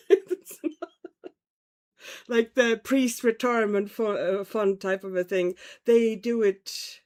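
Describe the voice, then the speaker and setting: A woman's voice: on the high side, slow pace, darkish tone. A woman from Estonia with a vague European accent and a slight Irish twang, hosting a casual livestream and chatting with viewers. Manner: chatty, greets viewers, frequent laughs. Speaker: livestream host. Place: home.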